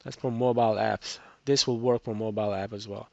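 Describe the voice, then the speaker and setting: A tired man with a gravelly, fry-laden voice, casually talking through a screen-recorded computer tutorial. He rambles and restarts his sentences often. The sound is dry and dull, like lo-fi screencast audio. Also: fairly low pitch, fairly even intonation, brisk, dry recording. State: tired, voice cracking. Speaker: web tutorial instructor.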